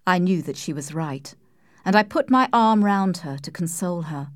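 Woman reading an old novel aloud, steady and calm, dry close sound. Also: fairly low pitch, no echo. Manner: calm, measured storytelling. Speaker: audiobook reader. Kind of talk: scripted narration.

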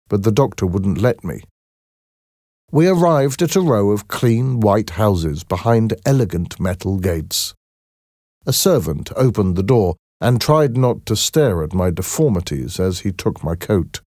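Male storybook narrator, slow and expressive. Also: on the low side, dry recording, studio quality. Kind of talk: scripted storybook reading.

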